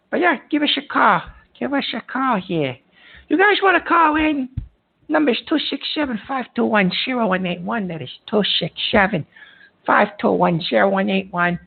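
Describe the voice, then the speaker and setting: A man's voice: extremely high pitch, gravelly. A man hosting a call-in show from a hospital room while in pain from a back injury, rambling and irritable, swearing and stumbling over fillers. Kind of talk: call-in radio talk. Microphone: phone line. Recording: tinny phone line.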